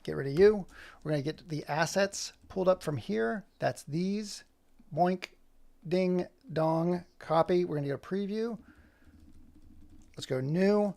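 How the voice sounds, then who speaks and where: A man's voice: high voice, unhurried, vocal fry, darkish tone. A man chatting casually and thinking aloud as he edits an animation, muttering to himself while he works. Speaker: video creator editing an animation. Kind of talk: casual live chat while working.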